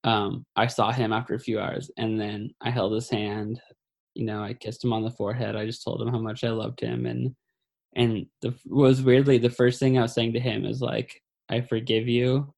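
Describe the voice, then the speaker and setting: A man sharing a personal story in a halting, somber way. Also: mid-range voice, flat delivery, creaky, a little mellow. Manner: halting, full of fillers and restarts; somber, grieving.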